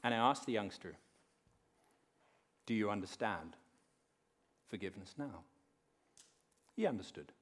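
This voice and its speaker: A man giving a conference talk on faith, telling stories in a measured way and dropping quiet for effect. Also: on the low side, expressive. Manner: measured storyteller who drops quiet and slows for effect. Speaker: conference speaker. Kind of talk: talk on faith woven with storytelling.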